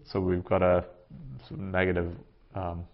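A man teaching a class, working through a translation aloud in a halting way with many fillers. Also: sits low, completely flat delivery. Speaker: Greek teacher. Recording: dull lo-fi classroom recording.

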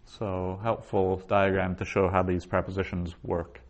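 A male teacher lectures a class on Hebrew vocabulary and grammar. He speaks slowly and deliberately in a fairly low voice, saying each word twice before explaining it. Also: flat delivery.

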